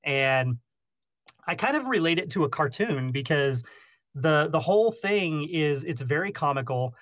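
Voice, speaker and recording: A man, a beekeeper and podcast host, telling stories in a casual interview, animated and self-deprecating, acting out the people he quotes. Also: fairly high pitch, a little slow, dry recording. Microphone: remote call recording.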